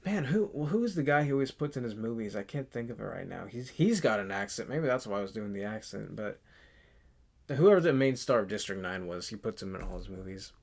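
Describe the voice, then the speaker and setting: A man in his twenties chatting casually in a vlog, rambling and halting with lots of fillers and restarts. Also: lowish voice, expressive, creaky. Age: 20s. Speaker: channel host. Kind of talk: casual movie collection vlog.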